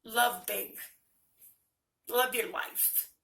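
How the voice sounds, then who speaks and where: An older woman speaks straight to her viewers in a personal video, candid and earnest. Her voice is bright, and the talk feels close and confessional. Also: a little high, steady tone, very slow, vocal fry. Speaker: vlogger.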